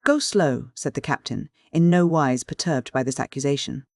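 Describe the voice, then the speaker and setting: An audiobook narrator reading a classic mystery in a clear, measured literary style. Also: medium pitch, a little mellow, no room sound, studio quality.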